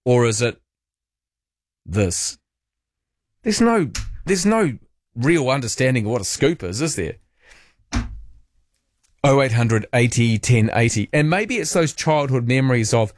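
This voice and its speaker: A man's voice: mid-range voice, sing-song, moderate pace, dry recording, studio quality. A man with a New Zealand accent hosting talk radio, musing aloud in a chatty way and tossing in rhetorical tag questions. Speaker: radio host. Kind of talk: casual talk radio monologue.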